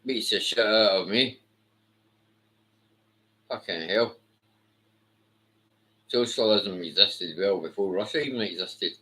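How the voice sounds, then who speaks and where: Male, deep and unhurried, sharp-edged, sweary scornful ranter. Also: low-quality recording. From Britain. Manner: blunt, heavily profane, scornful. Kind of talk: ranting monologue.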